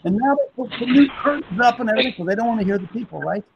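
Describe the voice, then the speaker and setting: A man with a strikingly high voice leads the talk like a preacher. He rouses his listeners with rhetorical questions and repeated calls. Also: expressive, rapid-fire, vocal fry, muffled recording, background noise. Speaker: host. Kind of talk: casual chat.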